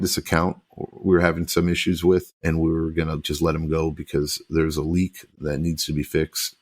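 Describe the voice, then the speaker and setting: A man who runs a pool service business, a podcast guest telling stories in an animated, frank and heated way. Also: a bass voice, slightly rough. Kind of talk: casual podcast chat.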